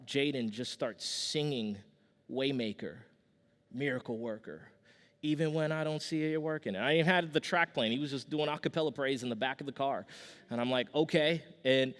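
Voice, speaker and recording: A man in his thirties preaching a sermon as pastor, telling stories conversationally with restarts and a casual "y'all". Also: medium pitch. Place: church sanctuary with long reverb. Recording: long hall reverb from a church.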